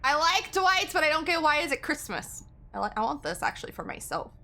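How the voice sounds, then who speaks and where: A woman's voice: high voice, very animated, fairly quick, bright, forceful tone. A woman game streamer in casual live-stream chat, rambling and giggling as she talks to her viewers.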